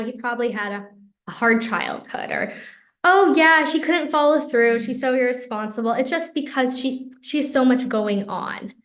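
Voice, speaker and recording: A woman teaching a religious class, earnest and explaining step by step, slowing down for key phrases. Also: high voice, echoey room. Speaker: Torah teacher.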